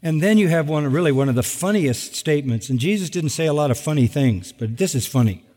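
Middle-aged male pastor, lively sermon delivery, slightly high voice, long hall reverb. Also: fairly quick. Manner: animated, with sarcastic asides and acted-out quotes.

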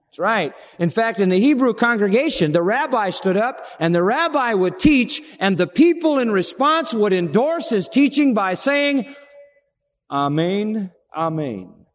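A man preaching a sermon, swinging dramatically between loud, raised passages and hushed, low ones. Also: expressive, moderate pace. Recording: long reverb of a large hall.

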